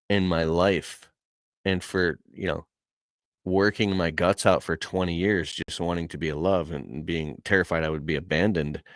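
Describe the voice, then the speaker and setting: Earnest low-voiced man. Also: no room sound. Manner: earnest and emotional, with casual slang. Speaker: podcaster telling a personal story. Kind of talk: casual heartfelt talk.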